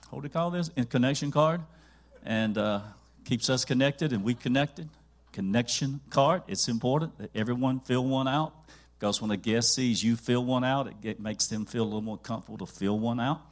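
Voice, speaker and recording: A man with a Southern US accent, a pastor leading announcements and prayer in a church service, folksy and joking. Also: mid-range voice. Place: church sanctuary.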